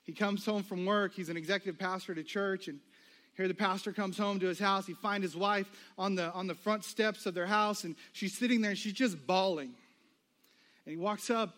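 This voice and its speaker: A man's voice: sits high, fairly even intonation, a little fast, fairly bright tone. A man preaching a sermon, telling a personal story and acting out the voices of the people in it. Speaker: pastor.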